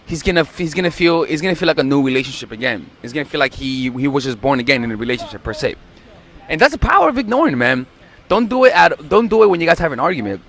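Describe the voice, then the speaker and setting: A man's voice: fairly high pitch, sing-song, fast talker, fairly bright tone, slight background noise. A young man coaching on dating, blunt and profane, acting out quoted lines. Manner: profane, emphatic, acts out quotes. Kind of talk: blunt dating advice monologue.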